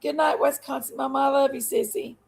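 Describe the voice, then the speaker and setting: A woman rambles through a casual livestream chat, folksy and warmly talkative. Her voice sits high, and a strong gravelly fry runs under almost every word. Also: fairly even intonation, brisk, poor audio. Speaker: livestream host.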